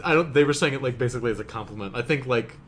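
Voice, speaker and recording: A man's voice: medium pitch, very fast. A man co-hosting a podcast in casual chat, earnest and full of "like" fillers. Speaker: podcast co-host.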